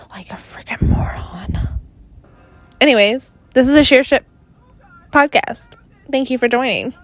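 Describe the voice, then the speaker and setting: A young woman hosting her own podcast in casual chat, rambling and giggly, often trailing off into mumbles. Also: sits high. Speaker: podcast host.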